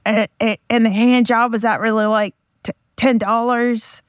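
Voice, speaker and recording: A podcast host imitating a male friend who tells a crude joke, stumbling and halting through it in a higher voice. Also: flat delivery, clear, resonant tone, no room sound, clean studio sound, natural voice. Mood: joke-telling.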